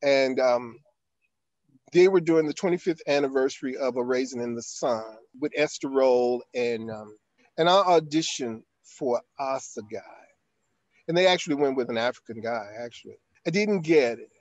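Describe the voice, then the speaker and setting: A man's voice: mid-range voice, normal speed, darkish tone, no echo, muffled recording. An older man, an actor, telling a long anecdote in an interview, acting out quotes and using frequent fillers. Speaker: actor guest. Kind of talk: storytelling in an interview.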